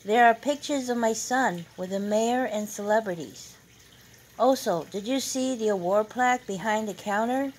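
Proud bossy old mom bragging about her son, woman reading doing her, a bit higher than her narration. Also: moderate pace, close to an everyday voice, rough recording. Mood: boastful. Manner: boastful, emphatic. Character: proud bossy older Chinese mother.

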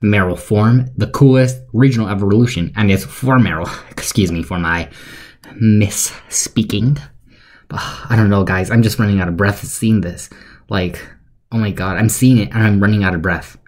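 A young man giving deadpan, sarcastic commentary for a joke video, rambling with fillers. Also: fairly low pitch, normal speed. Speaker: YouTuber.

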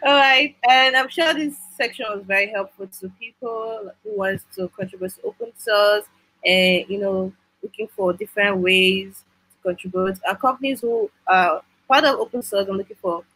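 A woman's voice: mid-range voice, moderate pace, bright, forceful tone, rough recording. A woman moderating a panel, asking questions in a hesitant way with fillers. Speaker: session moderator.

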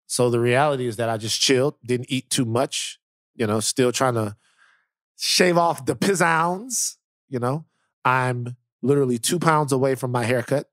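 A male co-host chatting casually, animated and full of jokes. His voice sits mid-range and he rambles through restarts. The recording is dry and close. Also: medium pitch, normal speed, no echo. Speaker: podcast co-host. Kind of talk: casual chat.

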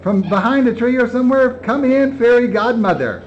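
A man's voice: very high-pitched, lively intonation, normal speed. A man directing and narrating a children's home play, coaching the kids through a rehearsal with patient, encouraging praise while he films. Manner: coaxing, encouraging, repeating praise. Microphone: handheld camera mic. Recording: slightly dull lo-fi camera audio with faint noise.

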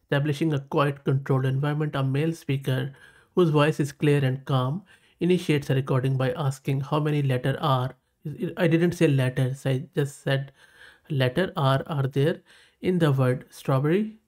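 A man's voice: medium pitch, fairly even intonation, moderate pace, darkish tone. A man with a South Asian English accent hosting a tech tutorial, talking casually and enthusiastically as he reads results aloud and repeats his praise. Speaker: tech channel host. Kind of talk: casual screen-recorded tutorial.

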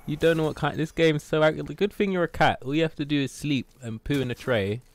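A man streaming a video game live, chatting casually, swearing, shouting at the game and teasing his cat. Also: on the high side, quick pace.

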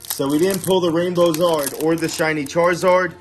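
A man's voice: fairly high pitch, steady tone, normal speed, faint music behind. A man hosting a casual card-unboxing vlog, talking eagerly and chatting straight to his viewers. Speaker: card-opening channel host.

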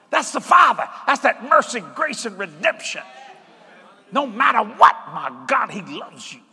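A male preacher giving a sermon in an animated, joking way, often breaking into shouts. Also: very high voice, in a large hall.

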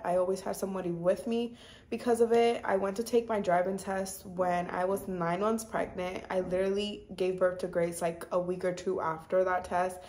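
A woman's voice: on the low side, a little hiss or hum. A woman in her twenties chatting casually to her viewers, saying "like" constantly and drifting from topic to topic. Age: 20s. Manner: chatty, says "like" a lot, sidetracks; warm and confiding, fast talking. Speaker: vlogger. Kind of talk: casual chat to camera.

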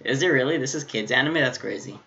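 A man hosting an anime reaction video, excitable and laughing as he talks back to the screen in casual commentary. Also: mid-range voice, fast, dull audio, a little hiss or hum. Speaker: anime reaction channel host.

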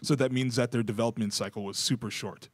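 A man's voice: medium pitch, fairly even intonation, fast talker, slightly rough, no echo. A man hosting a casual podcast chat, rambling with many fillers. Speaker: podcast host.

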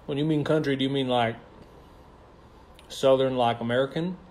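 A man's voice: medium pitch, fairly even intonation, moderate pace, darkish tone, slight background noise. A young man casually chatting on a phone livestream, reading comments aloud in a playful, campy, slangy way. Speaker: stage actor hosting a livestream.

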